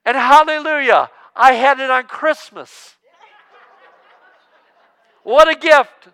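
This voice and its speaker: A man in his sixties preaching a sermon as pastor, joking and emphatic, swinging between loud outbursts and hushed asides. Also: very high-pitched, slow pace, gravelly, big-room sound. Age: 60s.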